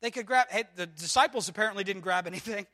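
A man preaching a sermon to a congregation, moving from low questioning to loud, emphatic declarations. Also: fast. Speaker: pastor.

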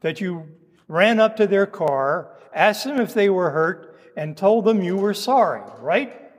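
Male actor as a badgering courtroom lawyer, high pitch, sarcastic, long room echo. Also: expressive, unhurried. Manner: pointed, sarcastic questioning. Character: combative male trial lawyer cross-examining a witness.

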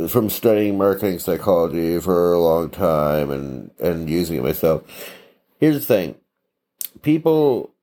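A man's voice: low-pitched, mellow. A man hosting a podcast in a casual solo monologue, blunt and opinionated, tossing out rhetorical questions and tagging lines with "right?". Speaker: podcast host.

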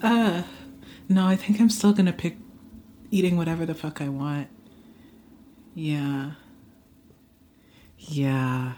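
A low-voiced woman with a New York accent, co-hosting a podcast in an animated, blunt way. She laughs freely and jumps quickly into her answers. Faint room noise sits behind her. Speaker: podcast co-host. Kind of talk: casual podcast chat.

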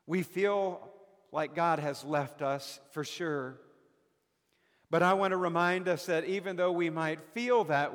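Slow, deliberate preaching man in a hall. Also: fairly high pitch, fairly bright tone. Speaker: pastor. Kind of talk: sermon. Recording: long hall reverb.

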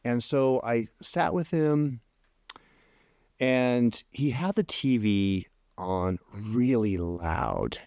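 A middle-aged man, a podcast guest, telling a personal story in a halting way, repeating words and pausing with frequent ums. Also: mid-range voice, expressive, a little mellow, no room sound, studio quality.

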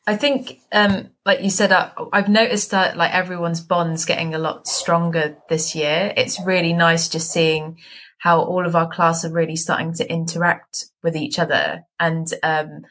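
A woman's voice: lowish voice, fairly even intonation, moderate pace, a bit bright. A woman co-hosting a student podcast, chatting in a bubbly way with lots of fillers. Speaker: podcast co-host, osteopathy student. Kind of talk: casual chat.

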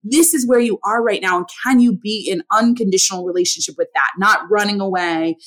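An earnest woman hosting a podcast conversation. She talks emphatically and keeps checking in with "right?". Her voice sits at a middle pitch. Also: a little fast, a bit bright. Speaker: podcast host. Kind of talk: casual conversational interview.

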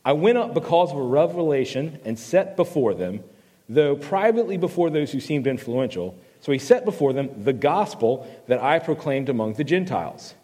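A man preaching a sermon as a fill-in preacher, telling a story and joking at his own expense. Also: medium pitch. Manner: animated storyteller, self-deprecating jokes. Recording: long hall reverb.

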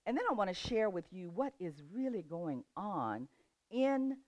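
An older woman who laughs often as she tells a lively story, then moves into a relaxed motivational talk about setting goals. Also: medium pitch, unhurried, no room sound, lo-fi sound.

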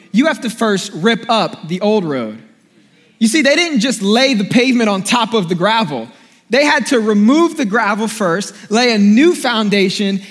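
A young man preaching a sermon, telling a playful, joking story and calling out to the congregation. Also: very high-pitched. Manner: animated storytelling, playful and jokey, calls out to congregation. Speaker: pastor. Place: large church hall. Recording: long hall reverb.

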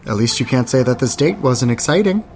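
A man narrating and acting in an audio drama, calm, reassuring and in charge. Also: mid-range voice, a little fast, a little hiss or hum. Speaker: co-narrator and lead character.

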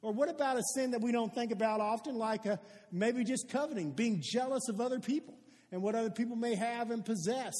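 A man's voice: extremely high pitch, a little fast, darkish tone. A man preaching a sermon as pastor, earnest and conversational, often restarting his sentences. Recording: long hall reverb.

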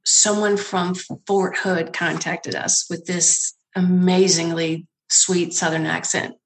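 A woman's voice: medium pitch, fairly bright tone, a little hiss or hum. A woman who founded a nonprofit, telling her story in a conversational interview, laughing often and acting out the people she quotes.

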